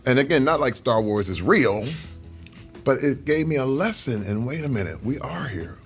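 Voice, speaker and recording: A middle-aged man chats as an interview guest over a meal, earnest and reflective, chuckling now and then. His voice sits at an ordinary mid pitch. Faint music plays behind him. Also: lively intonation, normal speed. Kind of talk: casual conversation over a meal.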